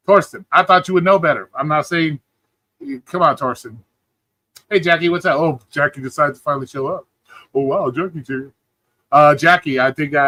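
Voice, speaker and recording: A man hosting a livestream rants profanely and mockingly, talking back to chat and mimicking people in a whiny voice. His voice is a little high, bright and forceful, with no room sound.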